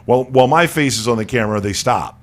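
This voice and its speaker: A man's voice: mid-range voice, expressive, fast. A male radio host chatting casually on an internet radio show, joking, laughing often and repeating his words as he goes. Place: studio.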